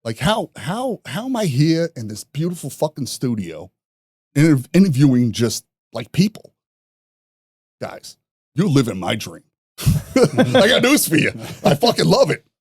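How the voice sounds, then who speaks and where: A man, a podcast guest telling rough stories in a profane, animated way, laughing at his own jokes. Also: a little high, a little slow, long pauses, no echo, studio quality. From New York. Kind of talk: casual storytelling.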